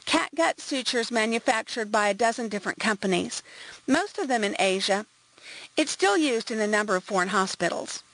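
Woman reading a steady, reserved male detective. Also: fairly high pitch, moderate pace, rough recording. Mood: tentative. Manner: careful, tentative.

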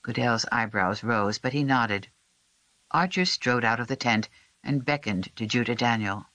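An audiobook narrator reading a historical novel in a measured, even storytelling voice. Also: medium pitch. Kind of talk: scripted narration.

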